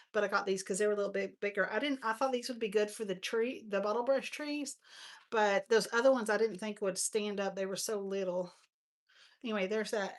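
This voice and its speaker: A woman with a Texan accent hosting a live crafting stream, chatting and rambling through stories as she shows her supplies. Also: mid-range voice. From Texas. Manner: chatty, rambling storyteller, says y'all. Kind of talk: casual crafting chat.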